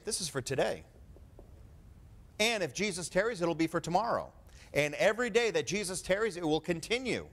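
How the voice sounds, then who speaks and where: A man preaching a sermon in a fairly high voice. He swings from hushed, confiding asides to loud, climbing declarations. He drives his points home with rhetorical questions.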